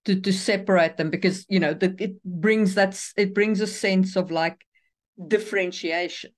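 A woman's voice: medium pitch, steady tone, moderate pace. A woman co-hosting a writing podcast, talking casually in a chatty, frank way and laughing between points. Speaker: podcast co-host, author. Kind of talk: casual chat on writing craft.

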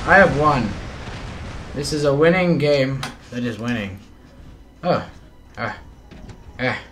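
A man's voice: medium pitch, animated, slow, a bit bright, a little hiss or hum. A man giving playful, chatty gameplay commentary, talking to himself and to his opponents as he plays. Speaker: mobile game channel host.

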